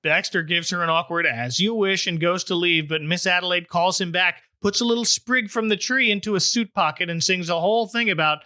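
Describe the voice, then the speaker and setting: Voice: medium pitch, brisk, few pauses, sharp tone, no room sound. A podcast host retelling a story scene by scene, with wry joking asides. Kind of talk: recap chat, retelling the plot.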